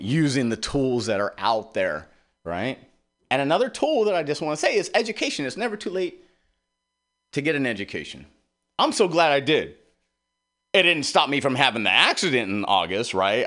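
Male radio host, middle-aged, rambling and profane, speaking in a middle-pitched voice. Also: fairly bright tone. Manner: rambling, swearing, heartfelt. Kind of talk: rambling personal monologue.

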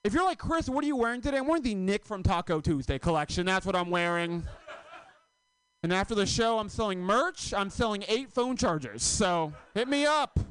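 Sex: man. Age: 30s. Style: stand-up set, lively pitch. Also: moderate pace, smooth, dry recording. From Florida. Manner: animated, profane, self-mocking storytelling. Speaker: stand-up comedian. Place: comedy club stage.

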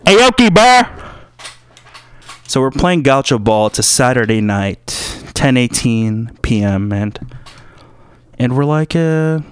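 A man hosting a radio show, rambling through a joking monologue full of fillers and sudden loud put-on voices. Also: mid-range voice, measured pace, clear, resonant tone. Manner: rambling, jumps into loud shouted impressions; filler-heavy, loose and joking.

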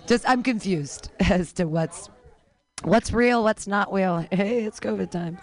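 A woman's voice: mid-range voice, very animated, takes it slowly, pauses often. A woman hosting a comedy show, introducing comedians in a playful, giggly way.

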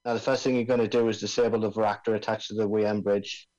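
A man's voice: on the low side, flat delivery, fast, darkish tone, muffled recording, close to an everyday voice. A man putting on a brash Aussie bomb expert. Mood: breezy. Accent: put-on Australian. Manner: slang-heavy, breezy, stumbles over jargon. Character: brash male Australian bomb-disposal expert. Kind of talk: amateur table read over a video call.

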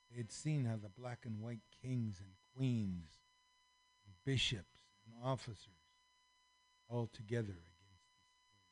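A man reading a children's story aloud on a radio show, acting out the characters. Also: mid-range voice. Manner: expressive, acts out the characters, varies loudness a lot.

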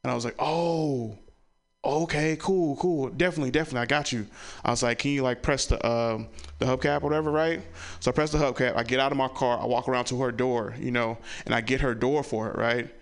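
Guy doing standup, telling stories, puts on loud high voices for relatives. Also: fairly even intonation, quick pace, creaky, clear, resonant tone. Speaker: stand-up comedian. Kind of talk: stand-up set.

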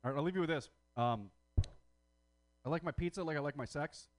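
A man ending his stand-up comedy set with a string of crude one-liners. He delivers them deadpan, one after another. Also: fairly high pitch, fairly quick.

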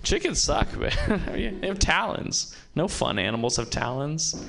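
A man's voice: fairly high pitch, very animated, normal speed, gravelly, fairly bright tone. A man doing a rambling stand-up comedy set, interrupting himself and laughing at his own jokes. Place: comedy open mic with live audience.

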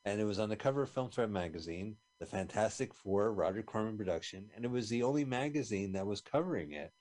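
A man's voice: lowish voice, expressive, fast, a little mellow. A man co-hosting a radio talk show, chatting casually and reminiscing with frequent restarts. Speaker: podcast co-host. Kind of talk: casual chat watching a film.

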